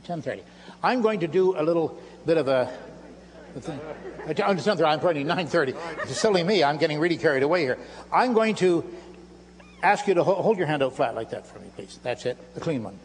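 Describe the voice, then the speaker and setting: With a fairly high, expressive voice and a quick pace, an older man gives a live lecture on a lecture hall stage, complete with magic demonstrations. His playful, self-mocking patter has a showman's flair. The audience laughs in the background of a live hall recording that carries a faint hum.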